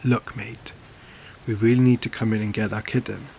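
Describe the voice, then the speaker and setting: A man voicing a creepy teenage boy who is polite on the surface but pushy and faintly threatening, in a horror story reading with a slightly gravelly, low voice. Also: little pitch movement, normal speed, warm tone, a little hiss or hum, natural voice. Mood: insistent. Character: menacing teenage boy posing as a polite kid.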